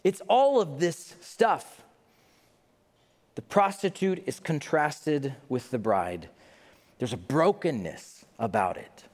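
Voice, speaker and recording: Lively male preacher with a slightly high voice who acts out quotes in his sermon, recorded with a long hall echo. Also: slow. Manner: conversational and animated, acting out quotes. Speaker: pastor.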